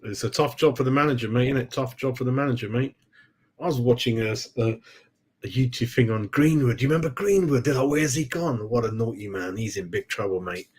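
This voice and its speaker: A man's voice: medium pitch, a little fast, a little mellow, husky. A man hosting a football fan channel, chatting on a live stream in a rambling, easygoing way, laughing often and calling his viewers mate. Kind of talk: casual live-stream chat.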